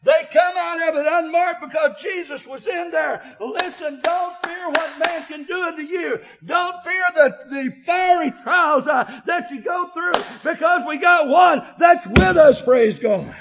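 An older man preaching an emotional sermon, often shouting, with a filler 'uh' between phrases. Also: extremely high pitch, measured pace, gravelly, highs cut off.

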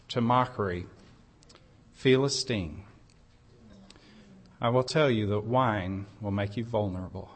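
A man delivers a sermon at a very unhurried pace, weaving a personal story into his teaching. His mid-range voice turns earnest and emphatic as he lifts certain phrases. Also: mid-range voice. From United States. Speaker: preacher.

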